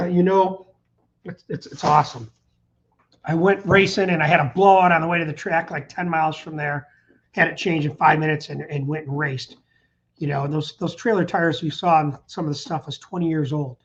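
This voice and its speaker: A middle-aged man hosts a casual live stream, rambling along and reading out viewer comments. His voice sits a little high for a man. The stream audio is slightly muffled, with a faint hiss underneath. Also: fairly even intonation, moderate pace, fairly bright tone. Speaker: channel host. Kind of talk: casual livestream chat.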